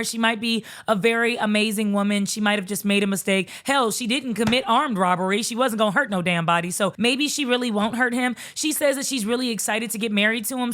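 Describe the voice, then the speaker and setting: A woman's voice: fairly high pitch, fairly bright tone. Sassy woman recapping reality TV. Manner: blunt, sassy, profane asides; acts out characters' quotes. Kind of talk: casual comedic recap.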